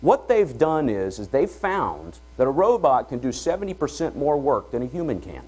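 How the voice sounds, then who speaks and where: A middle-aged man giving an emphatic, folksy motivational keynote talk at a conference, pushing loud then dropping quiet. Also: mid-range voice, very animated, normal speed, husky, soft background music. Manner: emphatic, folksy, swings between loud pushes and quiet drops. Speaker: conference speaker.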